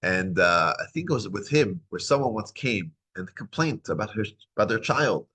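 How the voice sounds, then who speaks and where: A man teaching a weekly Torah class, talking in a lively way, dropping low when musing and rising high and excited when urging. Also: normal speed, hardly any pauses, husky. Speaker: rabbi teaching a parsha class.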